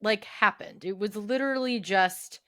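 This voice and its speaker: A woman in her forties co-hosting a podcast, reading her teenage diary aloud with dramatic, expressive delivery. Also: medium pitch, moderate pace. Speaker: podcast co-host. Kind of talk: casual chat, reading old diary.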